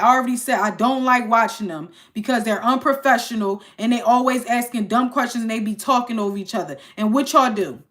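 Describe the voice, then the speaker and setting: A woman's voice: a little high, fairly bright tone. Exasperated woman ranting to her chat. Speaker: livestream host. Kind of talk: casual livestream reaction chat.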